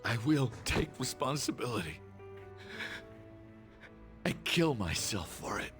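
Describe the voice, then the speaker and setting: Man voicing disgraced gym teacher, game character, self-loathing, slow, wavering pitch, faint music. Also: very animated, fairly bright tone. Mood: remorseful.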